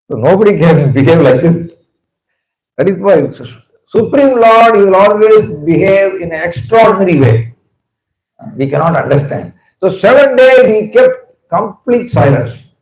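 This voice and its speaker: An animated preacher tells a sacred story, his voice slightly higher than most men's. Every word rings through an echoey temple hall. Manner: animated, shifts between raised and hushed tones. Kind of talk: sermon storytelling.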